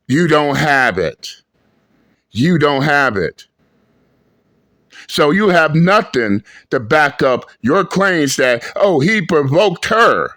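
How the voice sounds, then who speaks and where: Male host, reaction commentary, slow emphatic delivery, somewhat high voice, profane. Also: very animated, fairly bright tone. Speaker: channel host reacting to clips.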